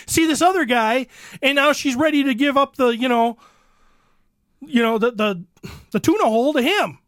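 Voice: sits high, normal speed, fairly bright tone, dry recording, studio quality. A podcast host telling a profane, exasperated comic rant about a holiday movie. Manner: crude, exasperated storytelling.

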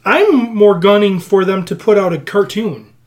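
A man's voice: sits high, normal speed, darkish tone. A man co-hosting a casual podcast, rambling and blunt, often restarting his thoughts. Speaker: podcast co-host.

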